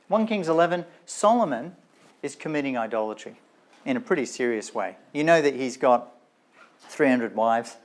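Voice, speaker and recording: Man giving a lively Bible talk. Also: medium pitch. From Australia. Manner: animated storytelling with rhetorical questions and playful asides. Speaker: lecturer. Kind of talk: Bible lecture.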